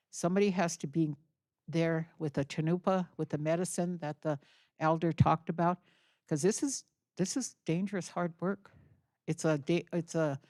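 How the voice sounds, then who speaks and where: A woman's voice: low-pitched, dark tone, no echo, clean studio sound. Older woman telling a story earnestly. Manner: earnest, vivid storyteller acting out dialogue. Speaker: guest speaker. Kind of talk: storytelling talk to an audience. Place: college auditorium.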